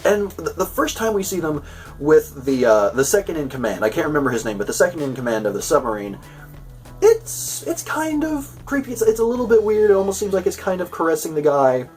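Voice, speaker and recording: A man's voice: on the high side, lively intonation, fast, a little mellow. A man hosting a casual episode review, talking in a rambling, chatty way and often restarting his sentences. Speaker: show host reviewing an episode. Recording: voice a bit far from the mic, faint music.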